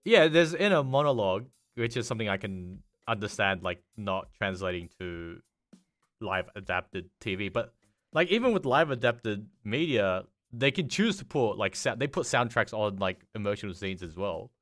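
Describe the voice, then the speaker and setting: A man's voice: fairly low pitch, expressive, moderate pace, a bit bright, dry recording, studio quality, soft background music. A young man co-hosting a casual podcast chat, laid-back and teasing. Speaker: podcast co-host.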